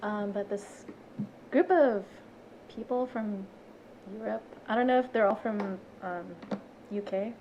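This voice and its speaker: A woman's voice: medium pitch, a little slow, highs cut off, noisy background. A young woman in her twenties, a podcast guest chatting casually, giggling and acting out what others said. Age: 20s. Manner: giggly, animated storytelling with acted-out quotes. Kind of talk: casual chat.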